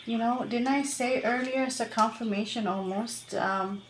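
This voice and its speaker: A woman's voice: a little high, moderate pace, echoey room, slight background noise. A woman tarot reader talking casually to her viewers, rambling and chatty, with many fillers and laughs. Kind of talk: casual tarot reading to camera.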